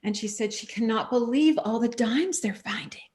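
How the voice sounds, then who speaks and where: A woman, a guest author, chatting casually on a live show and telling stories with lively, acted-out quotes. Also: a little high, normal speed. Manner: animated storytelling, acting out quoted voices. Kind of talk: casual chat.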